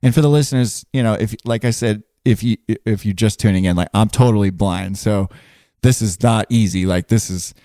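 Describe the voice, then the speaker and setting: A man's voice: on the low side, normal speed, mellow, dry recording, clean studio sound. A man telling a funny story in casual podcast chat, rambling with lots of fillers. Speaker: guest storyteller.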